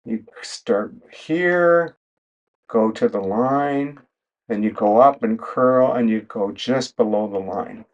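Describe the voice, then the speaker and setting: A man teaching at a whiteboard, slowly talking through each step and reciting letters in order. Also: mid-range voice, lo-fi sound. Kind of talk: whiteboard lesson.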